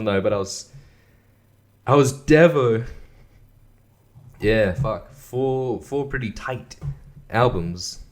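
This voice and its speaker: A man hosting a casual solo show, sarcastic and mocking, swearing often and laughing at what he reads. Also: on the low side. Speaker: podcast host.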